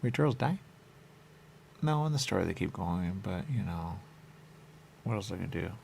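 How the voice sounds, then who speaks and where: Gravelly radio guy joking around, voice jumping all over, loose rambly banter. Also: low-pitched, animated, moderate pace, darkish tone, slight background noise. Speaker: radio show co-host. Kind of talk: casual banter.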